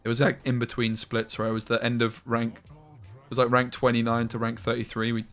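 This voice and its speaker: A man's voice: medium pitch, completely flat delivery, brisk, fairly bright tone, soft background music. A young man chatting casually while streaming a game, telling rambling stories with slang and the odd swear word. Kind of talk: casual live-stream chat over gameplay.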